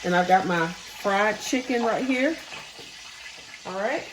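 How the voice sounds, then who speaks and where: A woman hosts a cooking video, casually showing off her home-cooked food and tasting it on camera with her mouth full, in a homey, churchgoing manner. She has a mid-range voice and a slow pace, and the audio sounds roomy with background noise.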